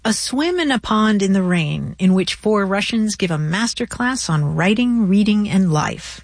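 A woman co-hosting a radio show about language, talking casually and quick to affirm and encourage. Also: medium pitch, lively intonation, no echo. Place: radio studio.

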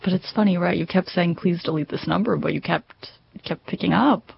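Gravelly documentary narrator and host. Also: mid-range voice, lo-fi sound. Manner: measured, probing follow-up questions.

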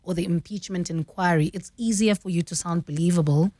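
Woman, lowish voice, news anchor, dry studio sound, explanatory, says "you know" often. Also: fairly quick, dark tone, no echo. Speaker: radio news anchor and mentor. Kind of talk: studio radio conversation. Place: radio studio.

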